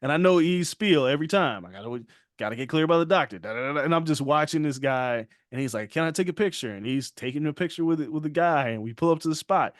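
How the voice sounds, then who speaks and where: A man on a podcast, animated as he tells a story, with a higher-than-average voice, close and dry. He keeps acting out the other people in the story as he goes, and laughs along. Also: quick pace, dry recording. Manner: animated storyteller, acts out quotes, laughs often. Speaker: podcast co-host. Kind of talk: casual storytelling chat.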